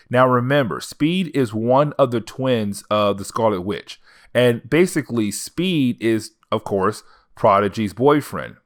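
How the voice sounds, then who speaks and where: A man's voice: mid-range voice, fairly bright tone. A man hosting a comic book recap channel, retelling stories in a loose, casual way with lots of "now, of course" and "basically".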